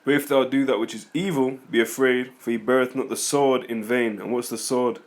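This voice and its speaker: Casting: man, mid-pitched, informal scripture teacher, rambling, argumentative, talks back to critics. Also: fairly even intonation, brisk. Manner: rambling, conversational, reads scripture aloud then comments; argumentative, addresses critics directly. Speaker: religious teacher.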